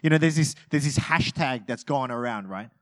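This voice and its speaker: A man's voice: lively intonation, normal speed. Humorous, conversational male pastor preaching. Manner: conversational and humorous, acting out little scenes; swings from loud bursts to quiet low asides. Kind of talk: sermon.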